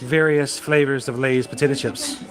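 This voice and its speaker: Soft music plays in the background as a man casually livestreams while strolling an outdoor theme park walkway, chatty and meandering with light jokes, a busy crowd behind him. His voice is medium-pitched, with fairly even intonation at normal speed.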